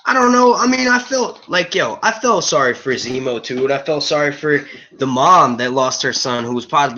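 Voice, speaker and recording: A man's voice: mid-range voice, pushed and bright. A man hosting a live review stream, rambling casually to his chat and swearing freely, on dull lo-fi stream audio. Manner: rambling, profane, casual, says "yo" a lot. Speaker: host of a movie and TV review stream.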